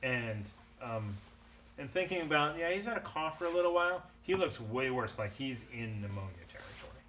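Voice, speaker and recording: A man narrating as game master of a tabletop game, halting and restarting often. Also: medium pitch, lively intonation, pushed and bright, distant mic. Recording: faint background noise.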